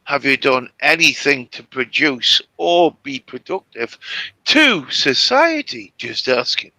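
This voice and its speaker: Man, mocking crude talk, bright tense voice, dry close sound. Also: mid-range voice, a little slow, no room sound. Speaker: participant in open discussion. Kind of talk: casual chat on a live voice call.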